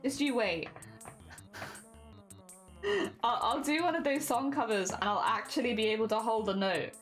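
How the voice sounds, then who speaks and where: A woman's voice: on the high side, normal speed, faint music behind. A British woman streaming a craft session, chatting casually with her viewers, laughing often and murmuring "oh dear" as she reads the chat. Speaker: craft livestreamer.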